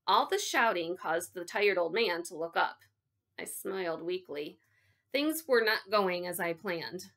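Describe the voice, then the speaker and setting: A woman's voice: fairly low pitch, lively intonation, measured pace. Woman narrating a wry first-person story. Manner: wry, dropping to a quiet aside. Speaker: audiobook narrator.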